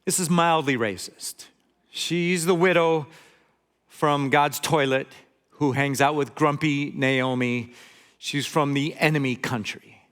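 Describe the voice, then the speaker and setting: Chatty older man preaching, fairly high voice. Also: fairly even intonation, takes it slowly, fairly bright tone, smooth. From Montana. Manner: chatty, joking asides while reading scripture. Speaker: guest preacher. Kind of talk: conversational sermon.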